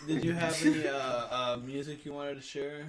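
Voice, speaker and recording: A man's voice: on the high side, fairly even intonation, a little fast, over a noisy crowd. A man co-hosting a podcast who chats casually and adds short reactions. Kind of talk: casual chat.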